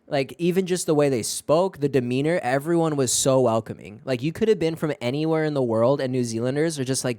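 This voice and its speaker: A man's voice: medium pitch, brisk, few pauses, a little mellow, no room sound. Man, streamer, casual chat, profane, rambling, dry close sound.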